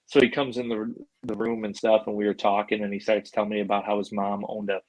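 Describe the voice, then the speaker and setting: A middle-aged man from Buffalo spinning stories as a podcast guest. His voice sits fairly low and sounds dry and close, with almost no room sound. He rambles in a loose, chatty way, with plenty of fillers and casual swearing. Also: level tone, fast talker, dry recording, low-quality recording. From Buffalo, New York, USA. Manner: loose and chatty, full of "like" and "you know", swears freely. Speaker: podcast guest, animal handler. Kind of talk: casual storytelling.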